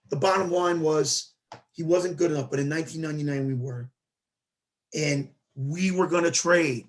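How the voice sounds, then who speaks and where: A man hosting a casual sports talk show, telling stories in an animated way and acting out quoted dialogue. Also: a little high. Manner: animated storyteller who acts out quoted dialogue.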